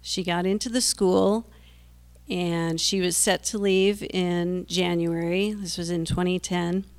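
A woman's voice: fairly low pitch, fairly even intonation, slow, clean tone. A middle-aged woman telling a personal story to an audience, earnest and anxious, a self-described worrier. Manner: breaks into nervous laughs.

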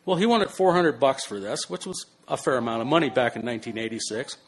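Brief: older male storyteller, mid-pitched, animated delivery that drops to hushed and bursts loud, casual swearing. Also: fast, slightly rough. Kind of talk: spoken personal anecdote.

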